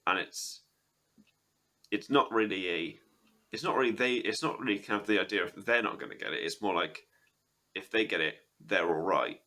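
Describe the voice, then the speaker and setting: A man's voice: lowish voice, moderate pace, bright, forceful tone. A man in a casual interview, speaking hesitantly with many restarts.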